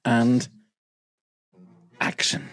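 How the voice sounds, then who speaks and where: A man's voice: extremely slow, fairly bright tone, dry recording. A man hosting a podcast, chatting casually and joking, often laughing. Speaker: podcast host.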